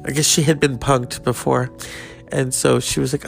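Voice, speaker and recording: A host telling a gossipy personal story in casual chat, animated and quoting people. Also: mid-range voice, moderate pace, creaky, soft background music. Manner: animated, gossipy, acts out quotes.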